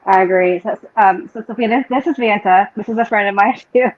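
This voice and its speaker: A woman's voice: mid-range voice, fairly quick. A woman hosting a casual panel chat on a call, easygoing and agreeable. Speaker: host. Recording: dull dry lo-fi mic.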